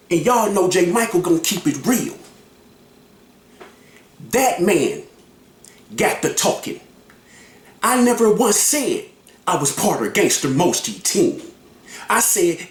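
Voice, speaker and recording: A man's voice: sits high, sing-song, slow pace, pauses often, echoey room. A man giving heated reaction commentary, emphatic and repetitive, acting out quotes in his own voice. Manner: emphatic, repeats himself, acts out quotes.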